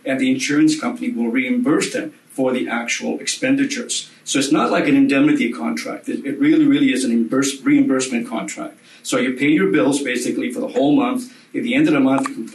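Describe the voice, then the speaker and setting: A man teaching an insurance lesson in a recorded lecture, repeating and stressing key words, with frequent fillers and restarts. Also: medium pitch. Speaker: insurance instructor. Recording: roomy, from a distance.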